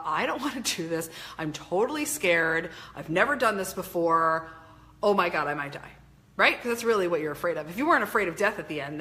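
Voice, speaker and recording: A middle-aged woman and life coach giving an emphatic, animated motivational talk on a live stream, reading out viewer comments and swearing casually. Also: medium pitch. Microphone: webcam or phone mic.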